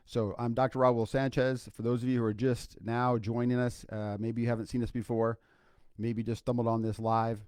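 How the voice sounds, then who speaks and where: An older man from Iowa, a grandfather and clinical psychologist who co-hosts a podcast, talks alone in an impromptu, informal livestream, earnest and full of fillers and repeated points. His mid-range voice is level, a little mellow, clear and resonant, at normal speed. The recording is dry and studio quality.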